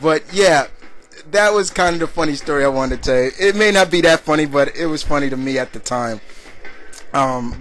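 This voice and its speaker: A man's voice: fairly high pitch, a bit bright. A young man hosting a casual video blog, answering viewer questions in a rambling way with many fillers and restarts.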